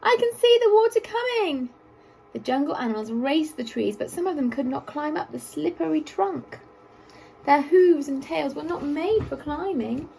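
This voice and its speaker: A woman reading a children's story aloud in an expressive, sing-song way. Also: sits high, normal speed, gravelly, a little hiss or hum, low-quality recording.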